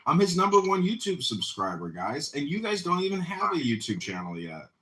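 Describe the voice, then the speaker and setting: A man's voice: a little high, big pitch swings, fairly quick, pushed and bright, roomy sound. A man talking on a live audio chat room, brash and profane, joking with the others. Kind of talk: casual crude banter.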